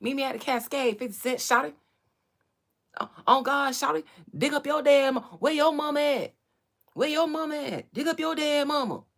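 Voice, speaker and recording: A woman putting on the voice of a swaggering young man who taunts loudly and keeps calling people shawty. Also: high-pitched, normal speed, vocal fry, voice pushed up. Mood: boastful. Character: brash young Atlanta man, taunting and boastful.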